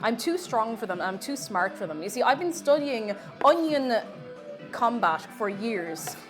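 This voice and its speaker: A woman streamer chatting casually while cooking, rambling through deadpan absurd jokes. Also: a little high, unhurried, music in the background.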